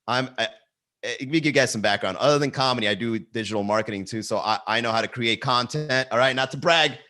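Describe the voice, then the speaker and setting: A male comedian hosts a casual solo livestream from his garage, talking to a camera. His mid-range voice is bright and forceful, and he talks fast, riffing and laughing at his own jokes.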